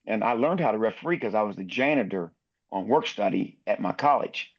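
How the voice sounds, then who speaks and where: A man's voice: fairly low pitch, lively intonation, fairly quick, dull audio. A man in his sixties, a basketball referee, telling anecdotes in a podcast interview and acting out other people's lines.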